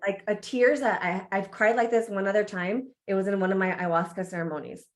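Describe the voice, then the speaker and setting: A woman speaks as a guest on a podcast, telling a candid personal story at an ordinary mid pitch. She talks in an animated way, laughs often and acts out her reactions. She sounds like a coach sharing her own experience. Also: brisk.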